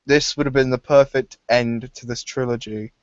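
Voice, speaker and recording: A young man reviewing films in a casual chat, animated, laughing often and acting out lines. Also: mid-range voice, moderate pace, no room sound, highs cut off. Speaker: film reviewer.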